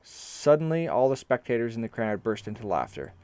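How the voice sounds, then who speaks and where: A man's voice: mid-range voice, big pitch swings, fairly quick, hardly any pauses, a little mellow, no echo. A man reading an interactive fantasy story aloud in the first person, narrating events and his character's nervous thoughts.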